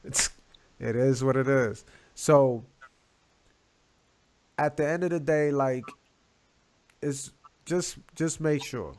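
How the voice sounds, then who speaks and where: A man in a relaxed talk-show chat, speaking in easy, slang-heavy sentences. His voice sits at an ordinary pitch, and he drifts between soft asides and louder shout-outs. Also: slow, long pauses. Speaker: podcast co-host. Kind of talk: casual chat.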